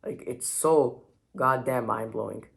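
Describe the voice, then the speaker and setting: A man's voice: mid-range voice, unhurried, vocal fry, fairly bright tone. A young man hosting a reaction video, mocking and exasperated, full of "like" fillers. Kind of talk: sarcastic reaction commentary.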